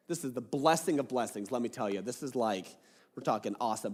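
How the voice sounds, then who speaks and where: A high-pitched man preaches in a church hall, his voice trailing off in a long reverb. He reads scripture aloud, then drops into joking, casual asides. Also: expressive, fairly quick. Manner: jokey, casual asides between readings. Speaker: pastor. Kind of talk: sermon reading and explaining scripture.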